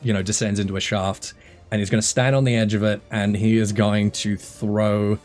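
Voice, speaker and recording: Low-voiced man running a tabletop game. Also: flat delivery, moderate pace, a little mellow, soft background music. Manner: describes scenes with frequent fillers and restarts. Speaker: dungeon master.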